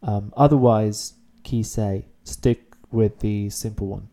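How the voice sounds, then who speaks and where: A man teaching a beginner language lesson online, explaining phrases patiently and repeating key words slowly. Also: lowish voice, dark tone.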